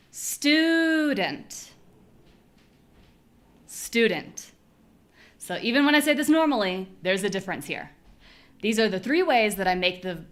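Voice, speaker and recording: A woman's voice: mid-range voice, fairly bright tone. American woman teaching pronunciation aloud. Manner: clear, modeling words slowly with exaggerated stress. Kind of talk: live online class.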